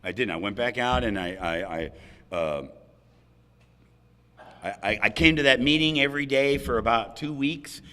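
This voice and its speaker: A man's voice: medium pitch, normal speed, pauses often, pushed and bright. A man sharing his recovery story at a gathering, candid and funny, with asides to the audience. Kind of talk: personal recovery talk at a roundup. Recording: hall reverb.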